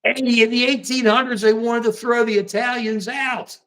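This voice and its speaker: A woman hosting a live talk stream, chatting casually about politics in an animated, joking, emphatic way. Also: on the high side, normal speed, rough recording. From United States. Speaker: livestream host.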